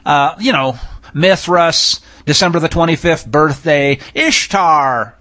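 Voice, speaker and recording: Teaching scripture in a sermon style, this man is blunt and emphatic, speaking slowly with a sharp tone. His slightly high male voice rises as he reads passages aloud with mounting intensity.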